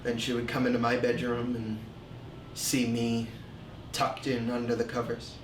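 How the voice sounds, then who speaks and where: An actor playing a remorseful man confessing his drinking and insecurity, telling it slowly and haltingly in a film monologue. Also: medium pitch, completely flat delivery, noisy background, close to an everyday voice. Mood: reflective. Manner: slow, halting, reflective storytelling. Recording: roomy echo.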